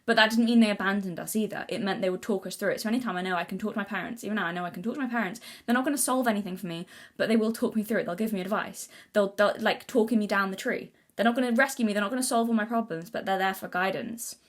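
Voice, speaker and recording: A woman's voice: medium pitch, racing, few pauses. Rambling young woman thinking aloud. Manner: rambling, many restarts and self-corrections. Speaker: vlogger. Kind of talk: casual unscripted talk to camera.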